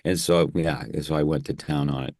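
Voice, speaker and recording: A man's voice: rumbling low, fairly even intonation, normal speed, a little mellow, dry recording, studio quality. A man, an actor and impressionist, chatting as an interview guest in a rambling, easygoing way with easy laughs. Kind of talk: casual interview chat.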